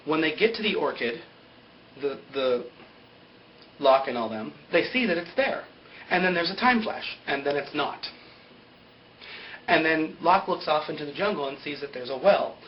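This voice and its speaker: A man's voice: fairly high pitch, animated, normal speed, pauses often, a little hiss or hum. Chatty young man, dull lo-fi recording. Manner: chatty, filler-heavy, often laughs at own jokes. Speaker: TV recap vlogger. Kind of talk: casual TV episode recap. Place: indoor greenscreen video setup.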